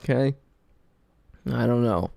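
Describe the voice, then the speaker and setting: A man's voice: mid-range voice, slow, vocal fry, dark tone, no room sound. A man casually chatting as a streamer reacting to clips, rambling and swearing as he goes.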